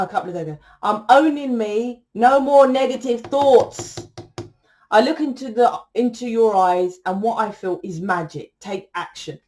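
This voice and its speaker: A woman's voice: fairly high pitch, darkish tone. Woman, tarot reader, blunt, sweary and preachy, casual monologue. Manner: blunt, profane, lecturing the viewer.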